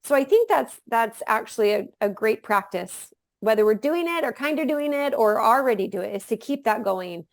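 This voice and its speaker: A mother speaks as a guest on a podcast, loud and energetic by her own account. Her voice sits a little high, and she chats casually about family life at home. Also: moderate pace, dry recording, studio quality. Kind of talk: casual conversation.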